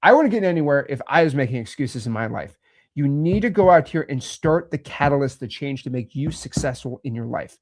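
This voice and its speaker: A man's voice: medium pitch, lively intonation, brisk. A man hosting a talk, speaking bluntly and pushily and repeating himself. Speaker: host. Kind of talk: motivational talk.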